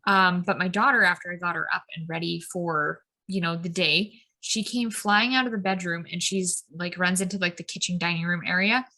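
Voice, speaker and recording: This podcast co-host, a woman in her thirties, talks at normal speed with few pauses in a lowish, sharp voice of fairly even intonation. Her casual spiritual chat rambles through tangents, thick with "like" and "um."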